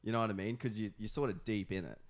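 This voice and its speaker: A man's voice: lowish voice, very fast. A man in his twenties with an Australian accent, chatting casually on a podcast, rambling with lots of fillers and frequent swearing. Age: 20s.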